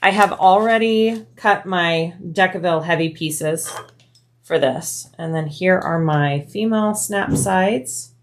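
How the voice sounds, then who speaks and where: A woman's voice: lowish voice, slow pace, slight background noise. A woman hosting a bag-making tutorial, chatting casually as she explains each step while she works.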